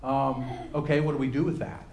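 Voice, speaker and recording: A man's voice: mid-range voice, level tone, fairly quick, vocal fry, a little mellow. A man teaching a Bible class off the cuff, talking conversationally and often restarting phrases before pressing his points with rising emphasis. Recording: roomy echo.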